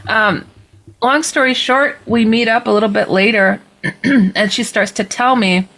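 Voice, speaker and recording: A woman guest telling a story in a lively, casual way, speaking into a computer on a video call. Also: a little high, unhurried, low-quality recording. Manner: lively, acts out quoted voices.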